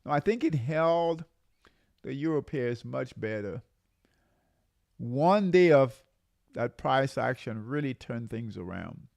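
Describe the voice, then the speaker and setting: A man's voice: mid-range voice, animated, gravelly, darkish tone, dry recording, studio quality. A man hosting a live market update, calling buy and sell signals and repeating his warnings, with many fillers and restarts. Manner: repeats himself, drawn-out warnings, calls out signals. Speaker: trading show host.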